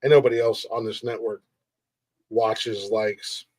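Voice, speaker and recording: A man hosting a comedy podcast over a video call, bantering excitably and cracking crude jokes. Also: lowish voice, measured pace, dry recording. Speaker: podcast host and co-creator. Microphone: video call mic.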